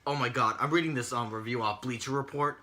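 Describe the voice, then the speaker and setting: A man's voice: mid-range voice, fairly even intonation, fast talker, sharp tone. A man co-hosting a casual talk show, ranting in an exasperated, mocking way and swearing often. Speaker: podcast co-host recapping wrestling. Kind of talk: casual profane rant.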